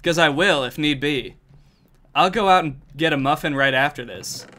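Excitable young man streaming a game. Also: fairly high pitch, moderate pace. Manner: jokey, excitable, talks to himself and to chat. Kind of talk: casual live-stream gameplay chatter.

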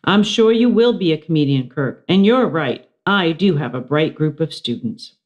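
A woman's voice: low-pitched, lively intonation, moderate pace. Woman voicing a kind, patient schoolteacher. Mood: encouraging. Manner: warm and encouraging.

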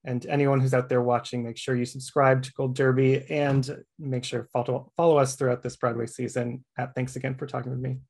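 Gravelly-voiced interview host. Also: male voice, medium pitch, little pitch movement, a little fast, hardly any pauses, a little mellow. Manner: friendly, polite questioning. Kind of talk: webchat interview. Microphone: video call.

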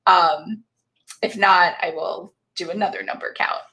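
A woman's voice: lowish voice, steady tone, measured pace, vocal fry, bright, forceful tone. A woman hosting a casual live book club chat, laughing often and reading viewer comments aloud.

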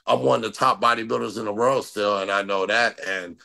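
A man's voice: fairly low pitch, fairly even intonation, brisk, gravelly, sharp tone. A man in his thirties from Minnesota, a pro bodybuilder talking loosely and boastfully in an interview, with lots of fillers and repeats. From Minnesota, USA. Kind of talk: casual interview talk.

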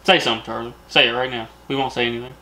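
A man co-hosting a casual reaction video, excitable and full of "like" fillers. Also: very fast, low-quality recording. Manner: excitable, laughs often, fillers like "like" and "low-key". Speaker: co-host of reaction channel.

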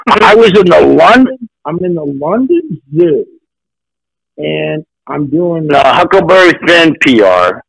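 A man in his sixties, an actor being interviewed, telling stories in a lively, casual way. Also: a little high, measured pace, vocal fry, breathy edge, no room sound, poor audio. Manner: animated, jumps into acted voices. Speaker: guest actor. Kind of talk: casual storytelling.

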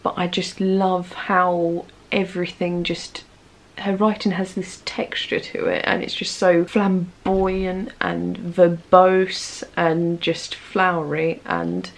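Woman, casual book vlogger, gravelly edge, eager and chatty. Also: fairly low pitch. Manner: chatty and enthusiastic, with fillers. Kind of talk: casual book-haul chat.

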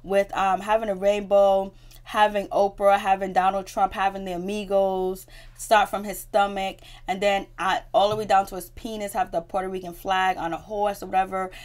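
Woman, casual TV recap, chatty, slangy, laughing asides, mid pitch. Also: little pitch movement, moderate pace. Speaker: TV recap vlogger.

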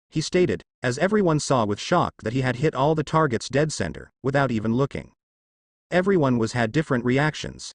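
A man narrating a fan fiction story in a steady storytelling way. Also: mid-range voice, fairly quick, no echo, studio quality.

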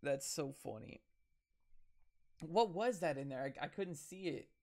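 Excitable, gravelly gamer guy. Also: on the high side, measured pace. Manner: excitable, swears and laughs, talks to himself. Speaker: game streamer. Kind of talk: horror game let's play commentary.

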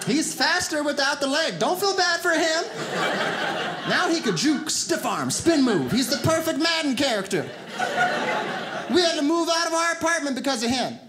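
A man doing a stand-up comedy set, telling animated stories and putting on voices for the people he quotes. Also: very high voice, normal speed. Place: theater stage before a laughing audience. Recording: loud audience noise.

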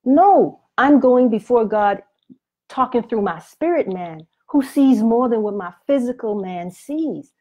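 A woman's voice: on the high side, animated, measured pace, a little mellow. A woman teaching on the Bible in a preaching video, speaking in a colloquial and emphatic way. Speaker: Christian author and Bible teacher.

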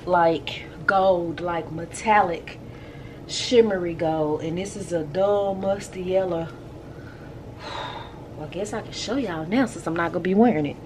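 A woman's voice: lowish voice, measured pace, background noise. Chatty woman vlogging on a phone. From Texas. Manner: animated, slangy, talks straight to viewers. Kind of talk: casual chatty vlog. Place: out and about, in car and shops, then at home.

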